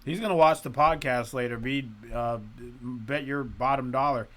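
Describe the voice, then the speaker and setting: A man's voice: mid-range voice, moderate pace, a bit bright. A man co-hosting a podcast in casual chat, teasing his friend in a mock-serious way. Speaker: podcast co-host.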